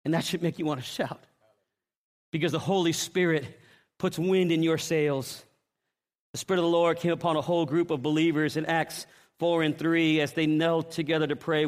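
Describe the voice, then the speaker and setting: Preacher: middle-aged man, high voice, dramatic storyteller who acts out scenes and shouts. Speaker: pastor. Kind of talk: sermon.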